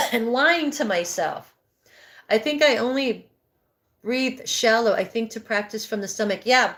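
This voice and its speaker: A woman in her fifties coaching breathwork on a live stream, candid and rambling, often correcting herself mid-sentence. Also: on the high side. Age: 50s.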